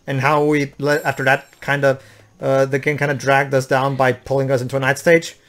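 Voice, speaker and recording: A man's voice: mid-range voice, monotone, fairly quick, a bit bright. A young man playing a game and commenting casually, rambling and correcting himself as he goes. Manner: rambling, self-correcting, many stumbles. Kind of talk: casual let's-play commentary.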